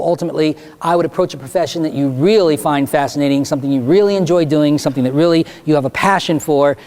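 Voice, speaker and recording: A man speaking as a stage hypnotist, answering student questions and giving slow, deliberate hypnotic suggestions in a school auditorium. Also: fairly high pitch, darkish tone. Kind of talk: Q&A talk and hypnotic induction to students.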